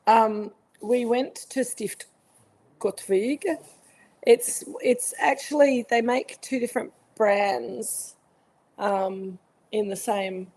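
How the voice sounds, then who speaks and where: In a casual live-stream chat from home, an Australian woman who makes wine hosts a virtual tasting, naming viewers as she greets them and filling her talk with fillers. She has a little high, slightly mellow voice.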